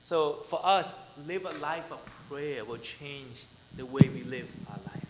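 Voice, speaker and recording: A man preaching as a pastor, telling personal stories, often asking "right?" and swinging between loud and soft. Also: a little high, a little slow, background noise. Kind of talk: sermon with personal testimony. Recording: echoey hall, speaker drifting off mic.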